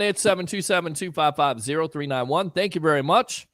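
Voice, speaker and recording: A man's voice: on the high side, lively intonation, brisk, few pauses, a bit bright, no echo, clean studio sound. A man hosting a casual sports talk show, riffing sarcastically and chatting with listeners.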